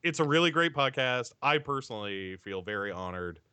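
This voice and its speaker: Male co-host, jokey banter, bright and dry. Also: mid-range voice, lively intonation, a little fast, clean tone, dry recording. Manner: goofy, jokey. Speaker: podcast co-host recording a message. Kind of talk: joking group banter.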